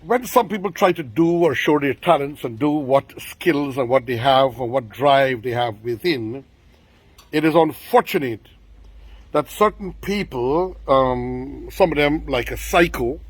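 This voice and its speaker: A Guyanese-accented host with a husky, slightly raspy voice talks right to his audience. He lectures in a preachy tone, stopping and starting with plenty of ums. The sound is dry and close, with no room echo. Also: mid-range voice, unhurried. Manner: preachy, addresses listeners directly; hesitant with frequent fillers. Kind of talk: casual commentary to camera.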